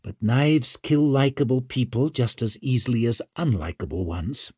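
A man's voice: mid-range voice, expressive, moderate pace, dark tone, husky, no room sound. A man voicing a curt, hardened woman operative who talks in clipped, dry remarks, in an audiobook.

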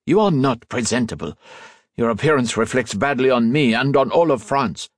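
A man's voice: lowish voice, fast, no echo, studio quality, lightly acted. A man voicing a haughty, commanding middle-aged diplomat who scolds his servant, raised above his own register. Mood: scolding.

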